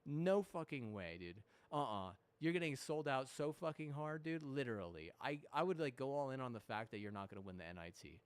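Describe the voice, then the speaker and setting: Young guy ranting while gaming, cursing nonstop, tripping over his words, middle-pitched voice. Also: animated, a little fast, few pauses, clear, resonant tone, dry recording. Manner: heavy swearing, frequent restarts and fillers; mocking mimicry of apologies. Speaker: gamer. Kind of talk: rambling gaming commentary.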